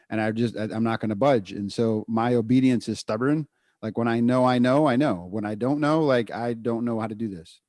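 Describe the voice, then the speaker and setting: A man co-hosting a podcast, telling a candid personal story in casual chat, full of fillers and quick asides. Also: medium pitch, steady tone, a little mellow, dry recording, clean studio sound. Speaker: podcast co-host.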